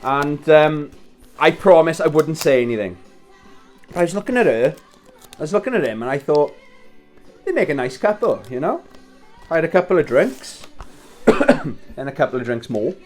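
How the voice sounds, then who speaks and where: A Welsh man in his thirties spins a loose, swear-filled story at home, breaking off into laughs and little asides. His voice sits a touch high for a man. Quiet music plays faintly in the background. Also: expressive, moderate pace, long pauses. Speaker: vlogger. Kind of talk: casual storytelling.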